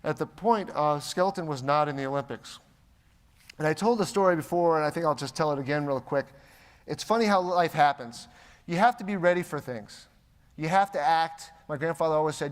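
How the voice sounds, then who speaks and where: With a clean, medium-pitched voice at normal speed, an American man gives an inspiring keynote in a large hall whose long reverb is clearly heard. He tells his anecdotes with energy, acting out the voices of the people involved.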